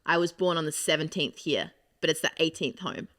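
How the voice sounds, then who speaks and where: An Australian woman in casual chat, animated and full of fillers. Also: deep voice, fairly quick. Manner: chatty, animated, trailing fillers. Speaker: co-host.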